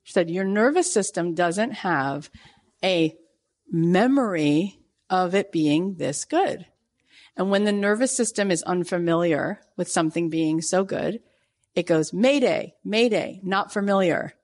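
A woman in her forties hosting a casual motivational talk, animated and acting out her own reactions in quoted asides. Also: lowish voice, measured pace. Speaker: podcast host.

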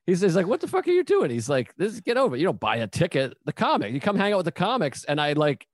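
A male comedian hosts a casual chat, spinning stories and acting out the people he quotes. His voice sits a little high. The sound is dry and close. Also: fast, no echo. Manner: animated storyteller, acts out quotes. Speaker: comedian host.

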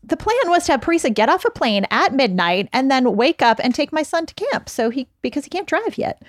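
Bright-voiced woman telling a story, laughing. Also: high-pitched, very animated, a little fast, no room sound, clean studio sound. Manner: self-deprecating, laughing storyteller. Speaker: guest friend. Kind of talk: casual chat among friends.

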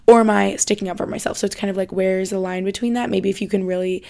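Young woman, podcast host, vocal fry, rambling casual storytelling. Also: mid-range voice, steady tone, fast talker, a little mellow. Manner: chatty, rambling, self-correcting.

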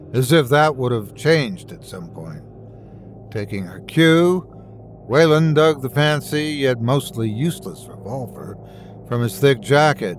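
A man narrating a first-person horror story with suspenseful, dramatic storytelling. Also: medium pitch.

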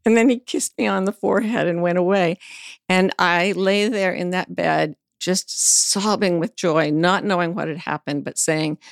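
Creaky-voiced woman telling frank stories. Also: fairly low pitch, steady tone, normal speed, no room sound, studio quality. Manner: vivid storyteller, blunt, frank. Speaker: podcast guest. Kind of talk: storytelling in casual conversation.

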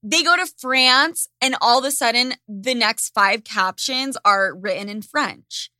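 A woman hosting a podcast in casual chat, ranting in an animated, profane way. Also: a little high, measured pace, no room sound, clean studio sound. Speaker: podcast host.

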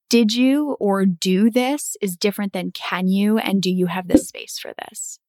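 Woman with a gravelly, creaky voice. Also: medium pitch, measured pace, few pauses, a little mellow, no echo, studio quality. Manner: earnest, explaining, often asks "right?". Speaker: podcast co-host, therapist. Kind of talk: casual chat.

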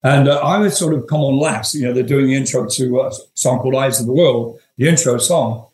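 A man's voice: medium pitch, fairly quick, darkish tone. A man in his seventies from England, a guest telling rambling, profane anecdotes with frequent chuckles. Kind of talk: storytelling interview. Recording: roomy echo.

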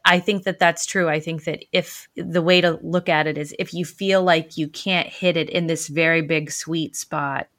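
A woman with a fairly low voice co-hosts a parenting podcast. She asks thoughtful questions and talks through her own experience in a reflective, conversational way. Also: steady tone, normal speed, hardly any pauses, fairly bright tone. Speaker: podcast co-host. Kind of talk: casual podcast chat.

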